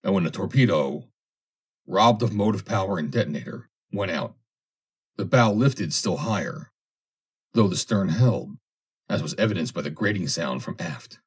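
A man narrating a classic adventure story as an audiobook reader, with steady, measured storytelling. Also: sits low, breathy edge.

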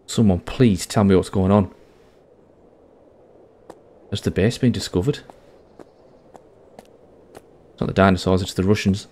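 Deep-voiced gaming host, dry and wry as he narrates his horror playthrough. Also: steady tone, unhurried, long pauses, mellow. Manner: dry, wry running commentary. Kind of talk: horror game let's play commentary.

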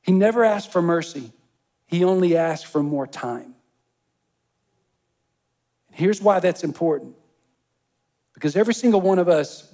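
Male pastor preaching to his congregation, slightly high voice, animated emphatic delivery. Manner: preaching with rising emphatic bursts; addresses the congregation directly. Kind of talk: sermon.

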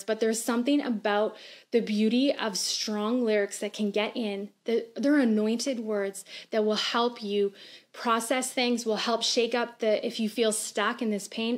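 A woman in her thirties preaching a sermon on a church livestream, earnest and conversational, asking gentle questions. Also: on the high side, fairly even intonation, normal speed. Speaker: pastor.

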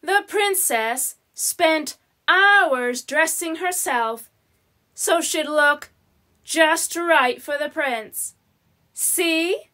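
A woman reading a children's picture book aloud, slow, gentle and expressive. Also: high-pitched. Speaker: storyteller.

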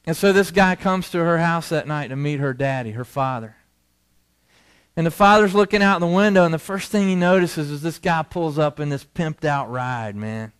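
A man giving a chapel sermon as a casual story, full of slang and acted-out dialogue. His voice is smooth and clear and sits a little high for a man. He sinks low and quiet when the point turns serious. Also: normal speed. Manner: casual, conversational, uses slang like "man" and "cool". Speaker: chapel speaker.

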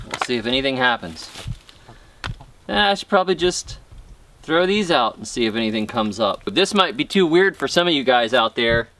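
A man talks through a casual gardening vlog while planting seeds in an outdoor garden. His voice sits a bit high and swings widely in pitch. He comes across as chatty, goofy and upbeat. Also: a bit bright. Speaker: gardening YouTuber.

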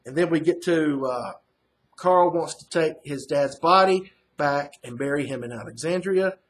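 A man's voice: on the high side, measured pace. A man giving a casual, rambling recap of a comic book issue as a reviewer, full of fillers and restarts. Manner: rambling, filler-heavy retelling. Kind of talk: casual first-reaction recap.

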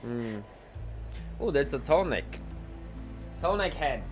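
A man's voice: mid-range voice, big pitch swings, slow, soft background music. A young man live-streaming a game, talking casually and in a laid-back way, muttering to himself and greeting his chat.

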